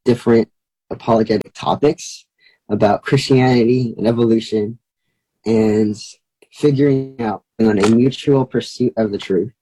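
A teenage boy answering questions as an interview guest, quick and casual, with lots of likes. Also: on the low side, warm tone, husky, poor audio. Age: teens.

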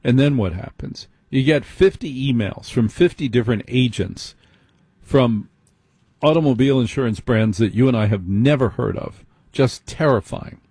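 Middle-aged male radio host, husky, dry studio sound, chatty late-night monologue that asks listeners questions. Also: medium pitch, animated, moderate pace, darkish tone, dry recording. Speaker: radio talk show host.

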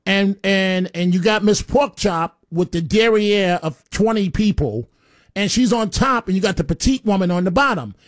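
A man's voice: sits high, animated, normal speed, dry recording, clean studio sound. A man hosting a call-in radio show, talking in a blunt, rambling way and often stammering on repeated words. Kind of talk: opinionated talk radio monologue. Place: radio studio.

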